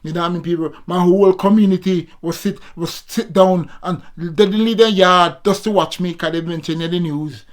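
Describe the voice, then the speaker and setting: Jamaican guy around 60, kinda high voice, preaching at his viewers in a vlog, repeats himself a lot. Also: steady tone, brisk, hardly any pauses. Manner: preachy, repetitive, keeps addressing viewers as people. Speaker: former amateur boxer vlogger. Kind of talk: casual vlog monologue.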